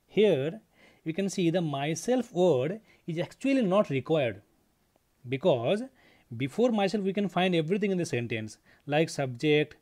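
A man's voice: fairly high pitch, expressive, measured pace, darkish tone. A man teaching an English grammar lesson to his students, explaining step by step, repeating key points and checking in with a frequent "okay".

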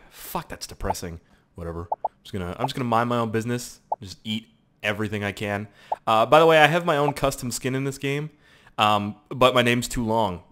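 A young man giving excitable, profane live gameplay commentary with yelling outbursts. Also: medium pitch, moderate pace, heavy background noise. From Canada. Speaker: gaming YouTuber.

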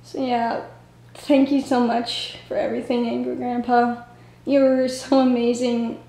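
Female vlogger on the verge of tears, soft and mellow, flat and hesitant delivery, echoey room. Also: fairly high pitch, gravelly. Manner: halting, hesitant, soft-spoken. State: fighting back tears. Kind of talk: tearful video tribute.

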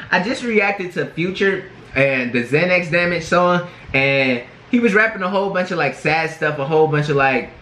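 A man's voice: high voice, sharp tone. A man in his twenties hosting a casual reaction video. He talks in a slangy, laid-back way, sprinkling his sentences with "bro" and "bruh". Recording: roomy echo with faint music. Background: faint music from the video being reacted to.

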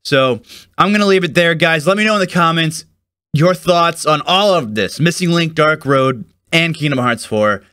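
Young gamer guy freaking out over a trailer, kinda high voice, super bright and punchy. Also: normal speed, smooth, no echo, clean studio sound. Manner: excitable, gushing exclamations. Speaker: gaming YouTuber. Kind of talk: excited trailer reaction.

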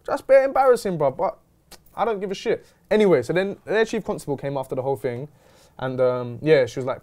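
Telling a story fast in a casual chat, this young man, the host, voices the other characters himself and quotes their dialogue with slangy, animated energy. His pitch sits a little high and ranges widely.

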